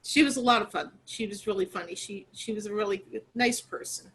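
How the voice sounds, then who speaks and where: A middle-aged woman, a guest in an interview, talking about her late sister in an earnest, halting way, with many fillers and restarts. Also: mid-range voice, a bit bright, breathy edge, rough recording. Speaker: guest, sister of a murder victim.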